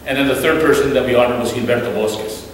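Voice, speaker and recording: A man giving an animated storytelling talk as a guest speaker at a church, acting out the voices in his stories. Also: medium pitch, fast talker, slight background noise. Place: church hall. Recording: echoey hall from far off, faint ambience.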